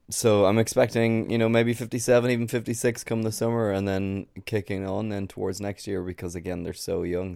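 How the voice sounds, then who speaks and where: Man, low voice, enthusiastic host, dry sound. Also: vocal fry, a little mellow, no room sound. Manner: chatty, enthusiastic. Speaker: podcast host. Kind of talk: casual athletics chat.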